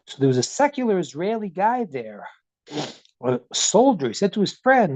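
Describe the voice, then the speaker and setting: A man's voice: sits high, sing-song, moderate pace, a little mellow, dry recording. A man teaching as a rabbi over a video call, earnest, repeating words as he builds a point and retelling stories with dialogue. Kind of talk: Zoom teaching talk.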